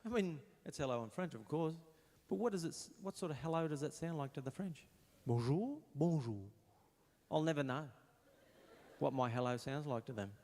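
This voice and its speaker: A man's voice: on the high side, a little fast, darkish tone. An Australian man performing a stand-up routine at a live show, wry and chuckling as he acts out little voices. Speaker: stand-up comedian.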